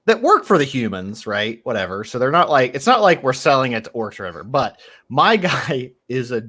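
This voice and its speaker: A man in a tabletop game group telling a story about an earlier game in casual chat, animated, laughing, swearing and acting out what people said. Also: medium pitch, brisk.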